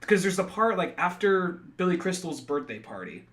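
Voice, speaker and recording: A man's voice: sits high, sing-song, moderate pace, fairly bright tone. A man co-hosting a podcast in casual chat, rambling and swearing as he retells scenes from memory. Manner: rambling, profane, laughs at his own retellings. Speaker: podcast co-host.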